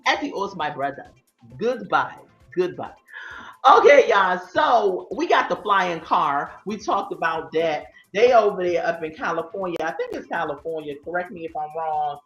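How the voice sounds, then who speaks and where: A woman's voice: fairly low pitch, lively intonation, normal speed, few pauses, a bit bright. A woman, hosting a casual livestream, sassy and chatty, talking straight to her viewers. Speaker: livestream host. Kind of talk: casual commentary chat. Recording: roomy, dull lo-fi sound. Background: faint light music.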